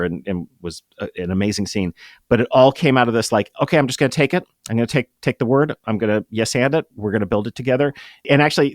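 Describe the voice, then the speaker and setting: A middle-aged man talking as a guest in an interview, explaining with emphatic, lively energy. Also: on the low side, dry recording, studio quality. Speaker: guest, improv comedy producer. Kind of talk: conversational interview.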